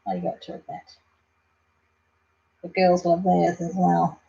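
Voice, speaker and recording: A woman's voice: lowish voice, sing-song, takes it slowly, gravelly, warm tone, lo-fi sound. A woman hosting a casual craft livestream, chatting and reading out viewer comments. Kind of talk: casual live chat while crafting.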